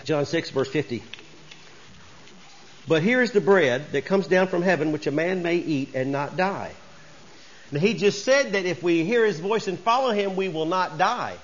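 A man's voice: high voice, expressive, moderate pace, muffled recording. A man preaching a sermon as pastor, folksy and conversational, rising to emphatic bursts.

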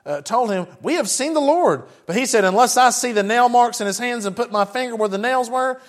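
A high-pitched man preaching and reading Bible passages aloud. He stops often for chatty asides, talking to his listeners in a plain, conversational way. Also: expressive, fairly quick. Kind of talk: sermon with scripture reading.

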